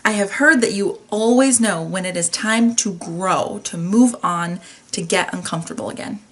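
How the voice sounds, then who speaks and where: A woman podcast host speaks in a casual motivational monologue. Her voice sits at a middle pitch, and her manner is candid, chatty and playful. She drops in a mild swear word now and then. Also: normal speed, fairly bright tone.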